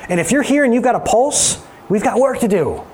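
Animated man preaching a sermon, lively pitch. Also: brisk. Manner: animated, conversational, addresses the congregation directly. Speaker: pastor.

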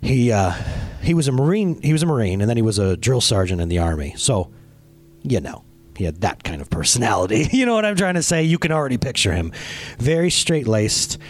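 A man's voice: medium pitch, brisk, soft background music. A man in his thirties preaching a conversational sermon, telling a personal story and speaking straight to his congregation. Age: 30s. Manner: animated, storytelling, direct address to congregation. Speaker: pastor.

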